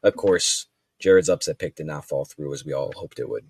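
A man's voice: very deep voice, fairly quick, darkish tone, breathy edge, no room sound, studio quality. A man hosting a casual sports podcast, easygoing, handing topics to his co-hosts. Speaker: podcast host.

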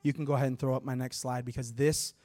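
A man preaching a sermon in a church, reading scripture and joking in a lively, conversational way. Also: mid-range voice, fast. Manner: animated, humorous, conversational preaching. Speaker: guest preacher.

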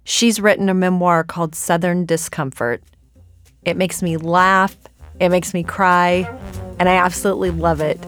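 A woman's voice: on the low side, steady tone, normal speed, fairly bright tone, no echo, soft background music. Earnest woman, dry close studio sound. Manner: earnest, heartfelt, laughs at herself. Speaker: audiobook author. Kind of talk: recorded author interview.

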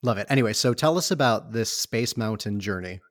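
A man's voice: lowish voice, animated, brisk, no room sound, studio quality. A man from Michigan hosting a casual interview, upbeat and enthusiastic with his guest. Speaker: podcast host.

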